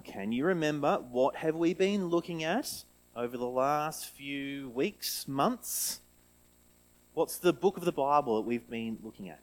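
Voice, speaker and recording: A man who reads a scripture passage and then leads a lively children's talk in church, asking the children questions and having them repeat lines back. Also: mid-range voice, poor audio. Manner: animated, asks children questions and leads call-and-response.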